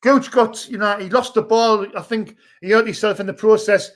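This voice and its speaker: A young man, hosting a live fan stream and commentating excitedly, shouting during attacks. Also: high-pitched. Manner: shouts and rushes during attacks, chats between. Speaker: fan channel host.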